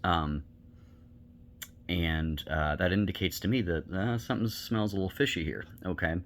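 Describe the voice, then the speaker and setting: A man's voice: sits low, moderate pace, a little hiss or hum. A male teacher giving a recorded online lecture, talking bluntly and conversationally with many fillers.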